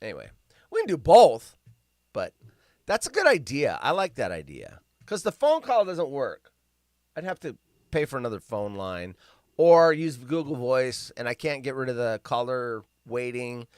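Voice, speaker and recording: Lively, sarcastic, rambling man livestreamer. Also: medium pitch, normal speed, no room sound, clean studio sound. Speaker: livestream host. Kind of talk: casual livestream chat.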